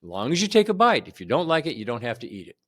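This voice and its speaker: A man putting on the voice of a caring mother at the dinner table, gently coaxing her little boy to try his food. Her voice lifts and falls warmly. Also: a bass voice, big pitch swings, rapid-fire, exaggerated voice.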